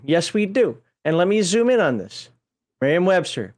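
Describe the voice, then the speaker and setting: A man's voice: fairly high pitch, animated, a little fast. An American man co-hosting a casual game-book chat, reading viewer questions and arguing over pronunciation. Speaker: podcast co-host.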